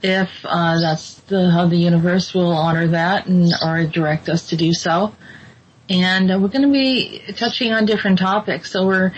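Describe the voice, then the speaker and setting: A woman hosts a casual talk show, pausing often with ums and starting her sentences over. Her voice sits on the low side. The recording is dull and lo-fi with a faint hiss. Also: fairly even intonation. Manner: hesitant, many ums and restarts. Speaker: host. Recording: dull lo-fi sound with faint noise.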